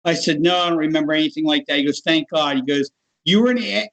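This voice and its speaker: A man's voice: on the high side, fast talker, poor audio. A middle-aged man telling a personal story in casual conversation, acting out the voices of the people in it. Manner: animated, acts out other people's voices in his stories. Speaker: guest.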